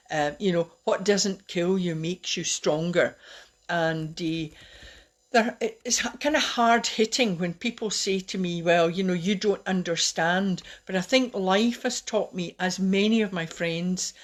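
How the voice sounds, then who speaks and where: A middle-aged woman giving a casual, personal live talk as host, chatty and open, laughing at herself now and then. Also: lowish voice. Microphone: webcam or phone on a live stream.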